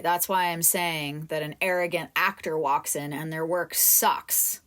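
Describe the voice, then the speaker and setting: A woman acting coach leading a live coaching session, talking straight to a student in an animated way. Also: on the low side. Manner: animated, talks directly to a student.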